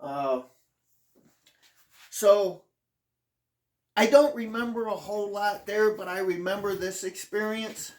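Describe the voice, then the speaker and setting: A channel host telling a personal memoir in an earnest, halting way, often restarting sentences and sounding emotional, close to tears at times. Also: medium pitch, echoey room.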